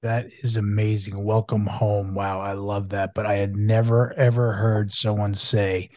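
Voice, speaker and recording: A man's voice: on the low side, little pitch movement, unhurried, darkish tone, no echo. A male podcast host telling a personal story in a casual, eager and emphatic way.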